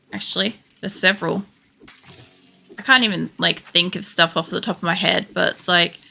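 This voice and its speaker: A woman's voice: fairly low pitch, vocal fry, pushed and bright. An Australian woman streaming a game, chatting in a rambling, casual way and swearing freely. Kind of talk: casual chat while playing. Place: home computer setup.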